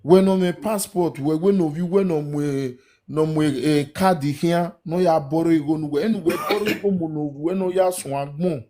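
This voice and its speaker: A Nigerian man joins a live stream. His voice is mellow and fairly high, and he sounds puzzled as he moves between a local language and English. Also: normal speed.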